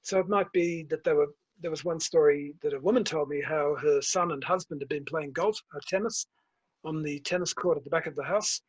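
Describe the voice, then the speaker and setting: Husky-voiced older man. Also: fairly high pitch, low-quality recording. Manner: measured storytelling, tells anecdotes. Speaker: author and school principal, guest. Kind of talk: reflective interview conversation.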